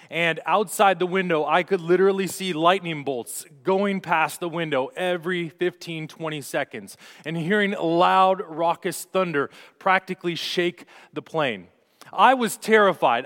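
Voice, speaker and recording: Young guy preaching, fairly high voice, earnest storyteller, big echoey hall. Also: fairly bright tone. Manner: earnest storytelling preacher, rising and falling with emphasis. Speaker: pastor. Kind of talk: sermon. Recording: long hall reverb.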